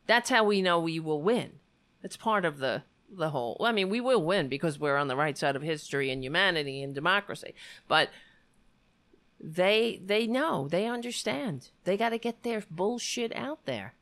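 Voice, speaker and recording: Fiery, animated woman political commentator. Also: on the low side, normal speed. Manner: indignant, sarcastic, swears freely. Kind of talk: heated political commentary monologue.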